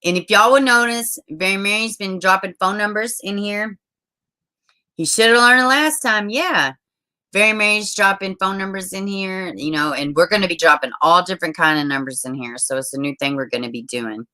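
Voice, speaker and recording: Bright-voiced woman livestreamer. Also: medium pitch, moderate pace. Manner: chatty, swears, greets viewers with endearments. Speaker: livestream host. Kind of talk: casual livestream chat reading viewer comments.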